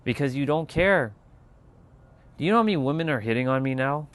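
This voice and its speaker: Man, livestream host, casual motivational monologue, emphatic, repetitive, swears casually, medium pitch. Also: expressive, a little fast. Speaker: channel host.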